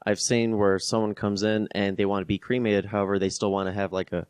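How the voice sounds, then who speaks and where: A man who works at a funeral home, a guest on a podcast, explaining his work in a measured way with many pauses. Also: on the low side, little pitch movement, a little mellow, clean tone, no echo. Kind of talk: casual interview chat.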